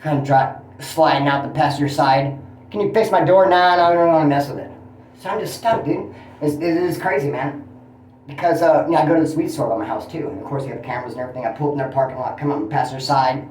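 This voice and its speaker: A man's voice: mid-range voice, fast talker, echoey room, slight background noise, poor audio. A man hosting his own vlog, with a Californian accent, venting and rambling in a casual, profane way about his day. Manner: profane, venting, animated storyteller. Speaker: YouTube channel host. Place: motel room.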